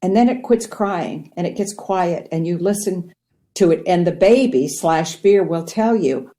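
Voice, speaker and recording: A woman from Ohio, a guest on mindfulness, teaching in a conversational way, earnest and animated, acting out little quotes as she explains. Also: fairly low pitch, measured pace. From Ohio, United States.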